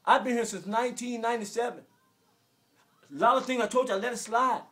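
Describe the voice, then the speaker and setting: Very high-voiced Southern man ranting. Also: steady tone, fast. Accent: Southern American. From Arkansas, US. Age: 40s. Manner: preachy, emphatic, repeats phrases, bursts into shouts. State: emotional. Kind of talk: impassioned direct-to-camera rant.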